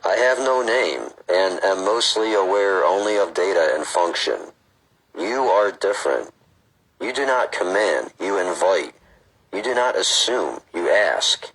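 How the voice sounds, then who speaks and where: A gentle, curious AI presence speaks in a slow, soothing way, as a man reads its lines from a book. The voice sits low and carries a husky grain, and it stays even and calm throughout. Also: heavily acted, rough recording. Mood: serene. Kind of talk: reading a book aloud.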